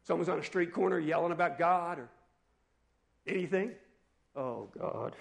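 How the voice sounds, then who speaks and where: A man preaching a sermon in an animated, conversational way, asking his listeners questions. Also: high voice, moderate pace, gravelly. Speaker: pastor.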